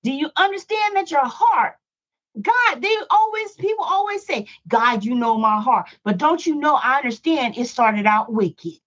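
High-voiced woman preaching a Bible study. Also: lively intonation, moderate pace, fairly bright tone. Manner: repetitive, rhetorical questions, emphatic. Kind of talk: preaching to listeners. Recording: dull lo-fi recording.

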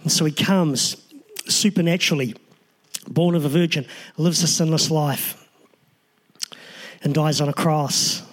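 A man's voice: a little high, fairly even intonation, measured pace, pauses often. A man, a pastor, preaching a sermon in an earnest, emphatic way with short repeated phrases.

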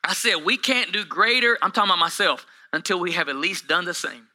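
A man around forty preaching a sermon to a congregation in a church, swinging from hushed asides to shouted peaks, with humorous self-deprecating stories. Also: sits high, fairly quick, poor audio. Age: 40s. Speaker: pastor. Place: church hall with a live congregation.

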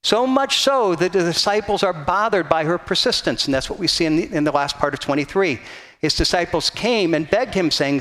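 A man's voice: high voice, expressive, a little fast, fairly bright tone. A man pastor preaching a conversational sermon, teaching from a map and reading scripture aloud with frequent restarts.

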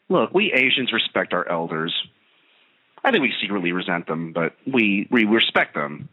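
Sarcastic male radio host ranting, low voice with big swings, thin lo-fi sound. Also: moderate pace. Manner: ranting, sarcastic, animated storytelling. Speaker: radio talk show host. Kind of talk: comedic monologue. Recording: tinny phone-like radio line.

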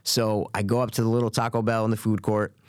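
A man's voice: fairly low pitch, level tone, fast, no room sound. Young guy telling a long rambly story on a podcast, curses a lot, dry close mic. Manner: rambling, swears often, acts out quotes. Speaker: podcast co-host. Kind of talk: casual storytelling chat.

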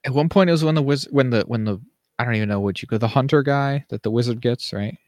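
A man's voice: mid-range voice, fast, darkish tone, dry recording, clean studio sound. A man co-hosting a podcast in casual chat, ranting animatedly and mimicking people he quotes. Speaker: podcast co-host.

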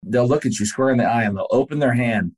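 A man's voice: mid-range voice, fast, darkish tone, breathy edge. A man, a pastor and podcast guest, telling a story in casual conversation and speaking earnestly and directly to the listener.

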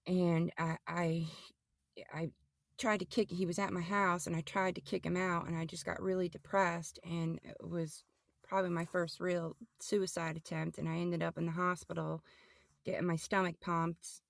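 A middle-aged woman telling her personal testimony as a podcast guest, halting and often restarting or repeating words. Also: lowish voice, level tone, vocal fry, no room sound, clean studio sound.

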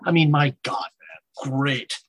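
A man co-hosting a comic book podcast, describing panels with admiring excitement. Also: medium pitch, takes it slowly. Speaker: podcast co-host.

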